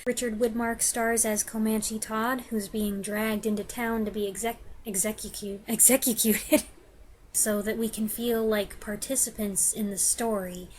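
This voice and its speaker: A woman's voice: on the high side, flat delivery, a little slow, a little mellow, a little hiss or hum. A young woman reviewing films, stumbling over lines, restarting takes and laughing at herself. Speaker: film reviewer. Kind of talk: blooper reel of review takes.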